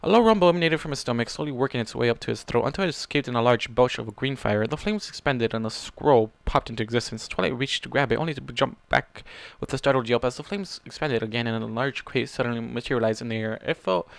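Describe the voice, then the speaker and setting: A man's voice: medium pitch, quick pace, vocal fry, few pauses, dry recording. A man reading fan fiction aloud in a plain manner, with casual asides and small self-corrections.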